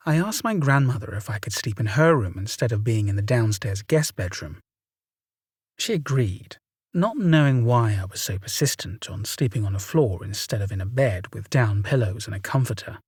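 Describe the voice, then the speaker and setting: A man reading a first-person horror story aloud, slow and suspenseful with dramatic pauses. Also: on the low side, husky, no echo, clean studio sound. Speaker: story narrator. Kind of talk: scripted horror story narration.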